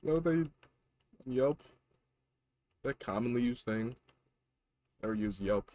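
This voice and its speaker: A tired man streaming a video game, talking in low, mumbling, self-mocking asides. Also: animated, unhurried, darkish tone, no echo. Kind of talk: casual game-stream commentary.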